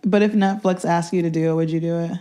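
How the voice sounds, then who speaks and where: A woman's voice: on the low side, steady tone, quick pace, dark tone, clear, resonant tone. A woman co-hosting a podcast in casual chat, laughing often. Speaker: podcast co-host.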